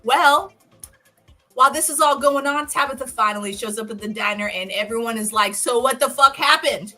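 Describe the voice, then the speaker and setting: Brief woman, higher-pitched and bright, swearing freely through an animated casual episode recap. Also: moderate pace, soft background music. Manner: animated, profane, storytelling. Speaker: podcast co-host.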